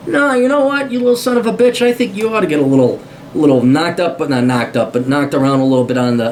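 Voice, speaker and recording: A man's voice: medium pitch, a little mellow, slight background noise. A man giving a blunt, unscripted opinion monologue as a video commentator. He curses, sounds sarcastic and dismissive, and often stammers and restarts mid-sentence. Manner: blunt and combative, with frequent cursing.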